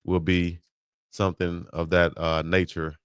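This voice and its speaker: Deep-voiced joking sports show co-host man. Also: little pitch movement, measured pace, clean tone, dry recording, studio quality. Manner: joking, trash-talking banter. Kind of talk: casual sports talk show chat.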